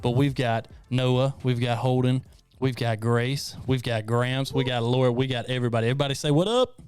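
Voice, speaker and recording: A man's voice: medium pitch, little pitch movement, fairly quick, darkish tone, smooth. A man hosting a casual podcast, upbeat and joking, laughing often. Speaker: host.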